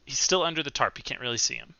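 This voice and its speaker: A man running a tabletop game as game master, relaxed and chatty, laughing easily between fillers. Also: mid-range voice, rapid-fire, gravelly, no room sound, lo-fi sound.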